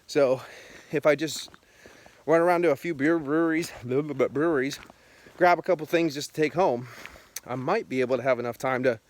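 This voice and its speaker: Casual male vlogger, breathless, rambling and jokey, handheld camera outdoors. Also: on the high side. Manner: rambling, joking, chatty. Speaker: beer vlogger. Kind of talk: casual walking vlog. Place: outdoors on a country road.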